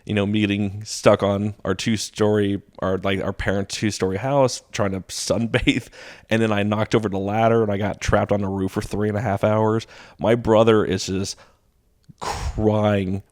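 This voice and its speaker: A young adult man, a stand-up comedian, telling stories in a casual podcast chat, animated and laughing as he acts out quoted voices. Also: lowish voice, moderate pace. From Texas.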